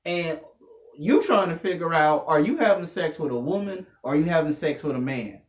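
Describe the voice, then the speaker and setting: Guy ranting loud and slangy, kinda high voice, roomy echo, muffled lo-fi audio. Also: moderate pace. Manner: loud, animated, slangy storytelling. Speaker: vlogger. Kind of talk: profane comedic rant to camera. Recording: echoey room, dull lo-fi audio.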